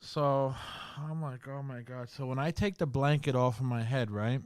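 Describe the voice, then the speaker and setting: Casual podcast guy telling a spooky story, swears a lot, says bro constantly, goes quiet and hushed at the scary bits, dry close sound. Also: medium pitch, normal speed, no room sound. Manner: swearing, slangy, full of "bro" and "you know"; drops to a hushed voice in the scary parts. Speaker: podcast host.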